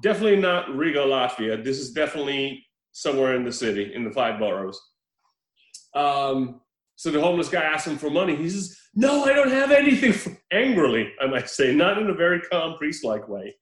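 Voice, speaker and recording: A man in casual chat, retelling a film with animated, profane storytelling and acted-out lines. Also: mid-range voice, a little fast, reverberant, low-quality recording.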